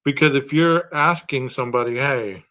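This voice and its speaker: A man speaking slowly and deliberately in a true-crime podcast monologue. He reasons aloud, stacking one rhetorical question on another. His voice sits at an ordinary middle pitch. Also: fairly bright tone. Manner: poses long strings of rhetorical questions. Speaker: podcast host.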